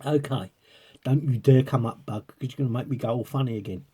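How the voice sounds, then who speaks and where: A man's voice: medium pitch, fairly quick, dark tone, breathy edge. A man vlogging as a coin collector, chatting casually to viewers and breaking into giggles as he rambles on. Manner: giggly, keeps breaking into laughter; rambling, talking while peering through a magnifier.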